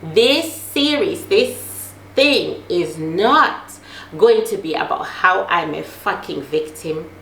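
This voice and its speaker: A woman's voice: fairly low pitch, expressive, takes it slowly, creaky, fairly bright tone, reverberant, a little hiss or hum. A middle-aged woman giving an intense personal monologue, emphatic and repeating lines for force, swearing as she talks. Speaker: host.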